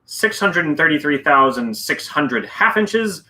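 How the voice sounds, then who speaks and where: A man's voice: a little high, animated, takes it slowly, pushed and bright, slight background noise, low-quality recording. A man playfully reciting a long list of measurements.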